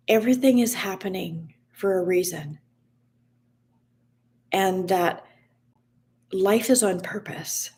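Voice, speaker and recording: A woman giving a reflective motivational talk, reading a story aloud and then drawing a lesson from it, speaking slowly with frequent restarts. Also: mid-range voice, a little mellow. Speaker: wellness speaker.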